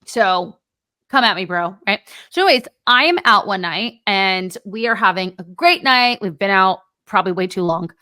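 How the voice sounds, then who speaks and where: A woman co-hosting a podcast, telling a story in a lively, casual way and acting out both sides of an argument. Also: mid-range voice, moderate pace, dry recording. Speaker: podcast co-host.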